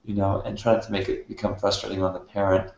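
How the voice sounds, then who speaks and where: A man's voice: fairly low pitch, level tone, quick pace, creaky, darkish tone. A man on a discussion panel reflecting on teaching his young son, speaking in a thoughtful, anecdotal way. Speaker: parent panelist. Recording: very echoey, dull room sound.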